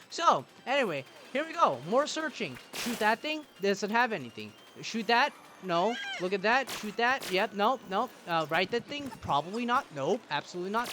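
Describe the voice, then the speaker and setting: A man's voice: sits high, background noise. A man giving exasperated, self-mocking gameplay commentary, mixed with his own put-on voices for game characters. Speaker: gaming YouTuber. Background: game music.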